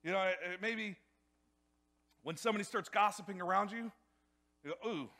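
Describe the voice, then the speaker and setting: Male pastor, high voice, energetic sermon, repetitive, loud peaks. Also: moderate pace. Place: church.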